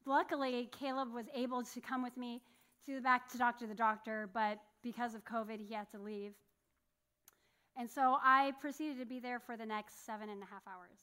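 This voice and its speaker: A young woman pastor preaching a sermon in a church, telling stories in an animated way and acting them out. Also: fairly high pitch. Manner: animated storytelling, acting out a locked jaw. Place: church sanctuary.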